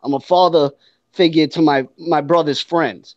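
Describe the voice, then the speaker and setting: A man's voice: a little high, steady tone, normal speed, no room sound. Earnest man in his thirties, dry lo-fi sound. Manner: earnest, reflective, laughs along. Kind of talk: casual chat.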